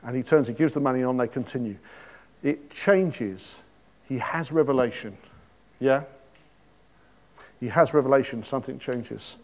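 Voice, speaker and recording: A man's voice: medium pitch, moderate pace, long pauses. A man giving an informal sermon, chatty and joking, with many restarts. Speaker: preacher.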